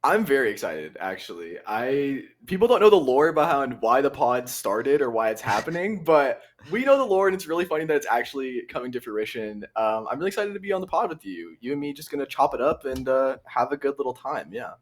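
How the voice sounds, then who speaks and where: Brief: young man from the southern US, relaxed podcast co-host, medium pitch, casual slang. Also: a little fast, few pauses. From southern United States. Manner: laid-back, laughing, slangy.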